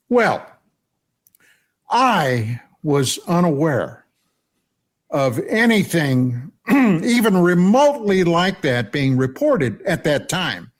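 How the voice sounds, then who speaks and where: Older male storyteller, slow, deliberate delivery with a lively pitch, checks in with "okay?". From Pennsylvania, USA. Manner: animated storyteller, often asks "okay?". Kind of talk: telling a personal story on radio.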